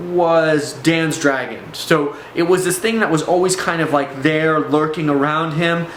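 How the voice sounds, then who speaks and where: A man's voice: fairly high pitch, a bit bright. A man telling a personal story in a casual, rambling way, with fillers and restarts. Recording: echoey room, faint background noise.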